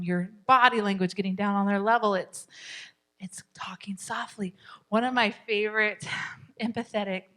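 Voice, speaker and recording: Bright-voiced woman teaching a parenting class. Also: medium pitch. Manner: chatty, laughing, drops to a soft whisper to model calm phrases. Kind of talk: live class talk. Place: church classroom.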